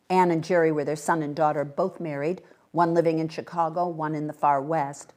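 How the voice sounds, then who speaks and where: A woman reading a short story aloud at a library event, with expressive, animated delivery. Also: deep voice, brisk, few pauses. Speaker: guest reader.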